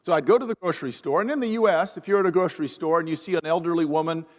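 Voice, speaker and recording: A male professor on a panel tells a story at his own expense, lively and wry, through a lapel mic. His voice sits a little higher than most men's. The sound carries a long echo from a large event hall. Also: very fast. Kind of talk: humorous anecdotal talk at a panel event. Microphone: lapel microphone.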